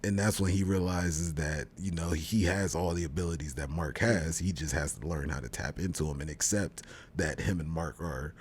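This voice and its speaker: A man's voice: rumbling low, normal speed, few pauses, a little hiss or hum. A man co-hosting a review show, casually retelling scenes with lots of fillers and restarts. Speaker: podcast co-host reviewing a TV show. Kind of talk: casual chat.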